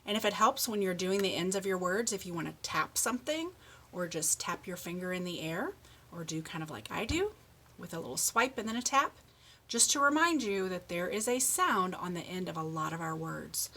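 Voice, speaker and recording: A middle-aged woman leading a speech lesson for young children, modeling words slowly with exaggerated endings and steady encouragement. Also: lowish voice. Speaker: speech therapist.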